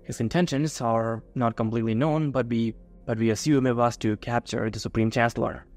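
A man's voice: medium pitch, fairly even intonation, a little fast, darkish tone, faint music behind, close to an everyday voice. A man voicing a grave male Jedi master in a fan-fiction narration, his delivery heavy with concern.

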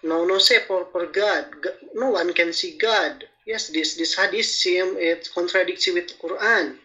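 A man from Indonesia calls into a religious debate, halting and restarting his phrases. His voice is fairly high and bright. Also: highs cut off. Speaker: caller.

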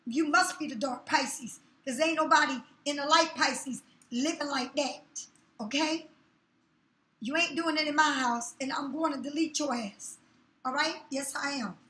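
A woman's voice: sits high, unhurried, bright, forceful tone. A woman giving a tarot reading in a casual monologue, talking bluntly and scolding her viewers with plenty of swearing. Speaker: tarot reader. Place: room in her new home. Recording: echoey room.

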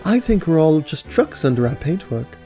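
Man doing a vain, high-voiced girl truck. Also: sing-song, moderate pace, dark tone, faint music behind. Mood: pleased. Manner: high, light voice. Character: vain, cheerful female truck.

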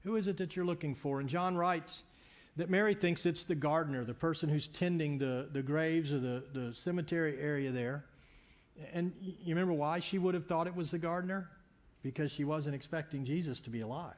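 A man's voice: a little high, a little fast. A man preaching as a pastor in a church, telling a story conversationally with frequent restarts and repeated words. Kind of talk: sermon.

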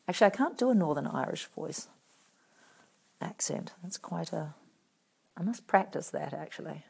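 Kiwi woman doing a live fan q&a, low voice with a gravelly edge, wry and teasing. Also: animated, measured pace, pauses often, darkish tone. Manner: chatty, wry and playfully teasing. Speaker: actress answering fan questions. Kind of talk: casual live video Q&A reading out comments.

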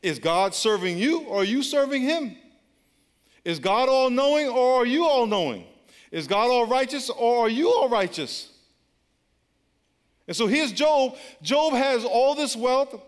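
Male pastor, fairly high voice, punchy repetitive preaching, long reverb in a big church. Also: animated, a little slow. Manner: emphatic, repetitive preaching with call-and-response. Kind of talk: sermon. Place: large church auditorium.

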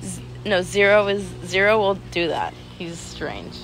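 A woman's voice: mid-range voice, big pitch swings, unhurried, faint music behind, rough recording. A woman singer chatting casually with fans on a phone live stream from home, rambling with lots of "like" fillers and giggles.

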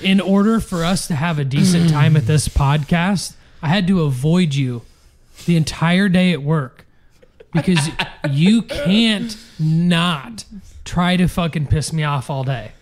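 A man's voice: fairly high pitch, measured pace. A man co-hosting a podcast in casual chat, blunt and exasperated, swearing often. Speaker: podcast co-host.

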